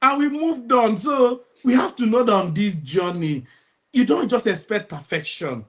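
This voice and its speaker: A woman's voice: on the high side, lively intonation, normal speed. Lady coach telling parenting stories, laughs a lot, does everyone's voices. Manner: laughs often, acts out other people's voices. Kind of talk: animated storytelling.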